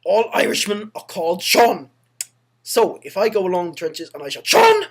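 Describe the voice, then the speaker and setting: A man's voice: sits high, moderate pace, pitched above the performer's own voice. A young man voicing a scheming male German soldier in an exaggerated, clumsy put-on German accent.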